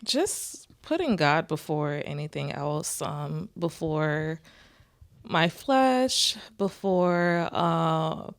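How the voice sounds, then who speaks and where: A woman co-hosting a faith podcast, soft-spoken and unhurried, pausing with hesitant fillers. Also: deep voice, very animated. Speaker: podcast co-host. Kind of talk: casual faith chat.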